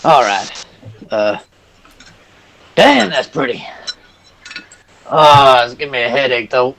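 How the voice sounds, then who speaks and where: A man voicing Hercule, an excitable, crude creature from underground who stammers and swears. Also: takes it slowly, vocal fry, a little hiss or hum, full character voice. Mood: dazed. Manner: stammering, swearing, high-strung.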